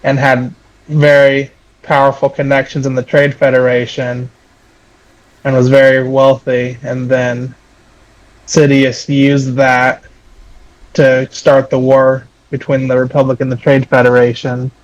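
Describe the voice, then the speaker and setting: A man's voice: mid-range voice, monotone, measured pace. A man chatting casually and earnestly on a podcast. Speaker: podcast co-host. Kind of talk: casual chat. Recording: dull lo-fi mic.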